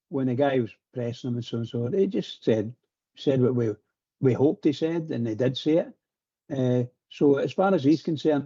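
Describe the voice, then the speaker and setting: A Scottish man with a husky voice calling in to a fan radio show, talking keenly with stumbling restarts. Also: mid-range voice, dark tone, dull audio. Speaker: caller. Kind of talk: phone-in chat.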